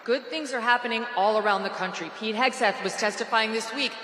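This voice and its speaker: A woman's voice: a little high, a little fast, noisy background. A woman giving a political rally speech in a large venue, with a mocking, sarcastic and punchy delivery. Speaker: rally speaker. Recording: echoey arena PA reverb.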